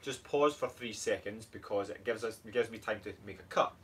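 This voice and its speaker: A man's voice: on the low side, a little fast, a bit bright. A Scottish man co-hosting a casual chat, easygoing and explaining step by step. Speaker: co-host, fitness coach. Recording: distant mic, faint room noise.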